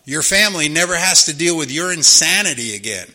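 A man's voice: a little high, animated, brisk, sharp tone. A man in his fifties or older giving an earnest personal testimony at a recovery meeting, telling stories and often asking "you know?". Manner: earnest storytelling, repeats himself, frequent "you know?".

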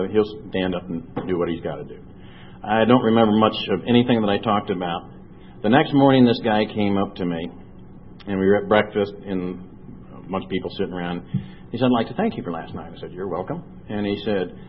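A low-voiced man gives a personal testimony talk, telling a crowd his recovery story in an earnest, storytelling manner. He turns slow and heavy at emotional points, letting the hard parts land. The dull, lo-fi recording carries a faint hiss.

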